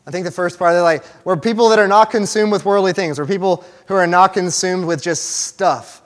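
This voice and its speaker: A man's voice: sits high, brisk. A young man giving a casual, conversational sermon to a small church group, with restarts and fillers as he talks to the room. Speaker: church teacher.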